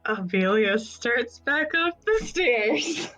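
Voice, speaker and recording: A woman's voice: on the high side, animated, slow pace, a bit bright, faint music behind, poor audio. A woman playing a tabletop role-playing game, casual and giggly as she describes her character's actions. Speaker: player.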